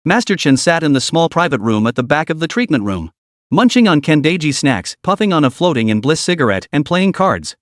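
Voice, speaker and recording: A man narrating a comic recap in a brisk, scripted storytelling manner. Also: a little high, big pitch swings, no echo, clean studio sound.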